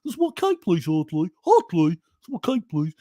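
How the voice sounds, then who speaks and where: A man voicing a childlike, greedy puppet pig in a high, pleading, sing-song West Midlands accent. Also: huge pitch swings, moderate pace, warm tone, no room sound, studio quality.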